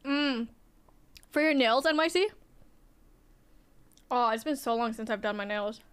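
A young woman streaming a game, chatting casually and softly with her viewers in a gushing, sing-song way. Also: a little high, a little slow, clean tone. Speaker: livestreamer. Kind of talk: casual chat with viewers while gaming.

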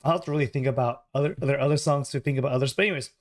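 A hoarse man hosts his reaction channel in an easy, casual chat, his voice still worn from an illness. He rambles and corrects himself mid-sentence and apologizes along the way. He speaks at an ordinary middle pitch, recording at home while the house sleeps. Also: racing.

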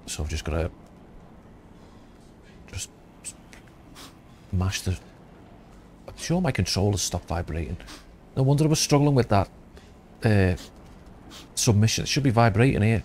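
A man's voice: on the low side, expressive, a little slow, pauses often, a little mellow, slight background noise. A man from around Liverpool giving casual gameplay commentary, rambling, thinking aloud and swearing. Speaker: gaming youtuber.

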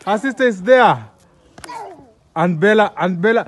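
A young man with a Kenyan accent giving excited, comedic play-by-play commentary on wrestling, exclaiming and repeating himself. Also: sits high, normal speed, long pauses, slightly rough.

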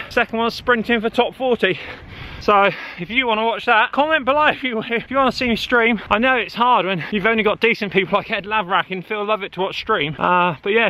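A man's voice: sits high, bright, forceful tone. A man, chatting casually while out cycling, joking and swearing freely. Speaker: cycling vlogger. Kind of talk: casual chat while riding. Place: outdoors on a bike on country roads. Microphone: action camera on the bike.

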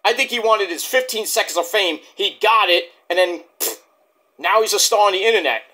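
A man's voice: high-pitched, lively intonation, brisk, sharp tone. A man reviewing a wrestling show in a heated, profane, rambling rant.

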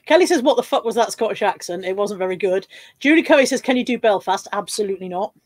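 A woman's voice: mid-range voice, lively intonation, fast, no room sound. A woman hosting a casual live stream, giggling, swearing and reading out viewer comments. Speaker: livestream host.

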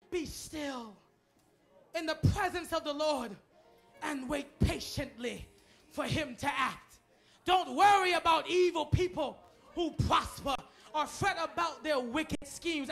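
A man preaching an impassioned sermon in a church, shouting repeated declarations. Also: very high-pitched.

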